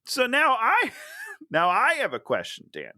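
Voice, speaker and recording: A man chatting on a podcast with a high, bright voice that swings wildly in pitch. He mocks and swears and laughs often. The sound is dry and close. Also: huge pitch swings, unhurried, dry recording. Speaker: podcast co-host. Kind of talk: casual chat.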